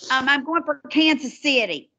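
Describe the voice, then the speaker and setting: A woman's voice: high-pitched, expressive, moderate pace, pushed and bright, muffled recording. Southern woman co-host, school announcements, rambling easy chat. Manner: chatty, rambling, self-deprecating.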